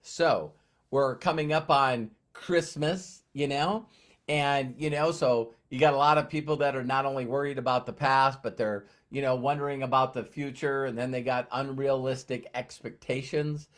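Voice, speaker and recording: A man's voice: medium pitch, steady tone, normal speed, fairly bright tone. Male motivational streamer, casual, chatty, greets viewers by name. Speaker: motivational live-stream host. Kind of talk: casual live-stream talk. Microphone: phone.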